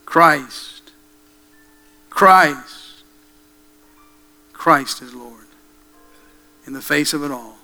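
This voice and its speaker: A male preacher telling a dramatic story in a sermon, with hushed pauses and slow, emphatic repetition. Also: a little high, creaky, rough recording.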